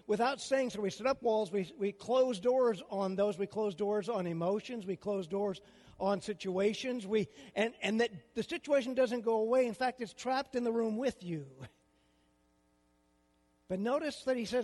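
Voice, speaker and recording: A man's voice: high voice, normal speed, darkish tone, long reverb tail. An older man preaching a sermon as a pastor, with a conversational style full of rhetorical questions.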